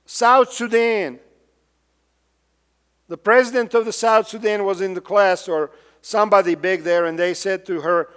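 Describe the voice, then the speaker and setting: Male pastor with a high voice, preaching emphatically in a reverberant church hall. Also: a bit bright, clean tone. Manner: emphatic preaching with repeated rhetorical questions. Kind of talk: sermon. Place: church sanctuary.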